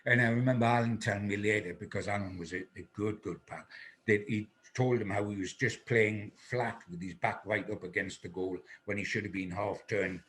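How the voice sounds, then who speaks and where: A man's voice: lowish voice, fairly even intonation, a little fast, a bit bright, a little hiss or hum. An older man from North East England, a veteran football journalist telling anecdotes in an interview and chuckling through his stories. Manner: chuckling storyteller, quotes people in his tales.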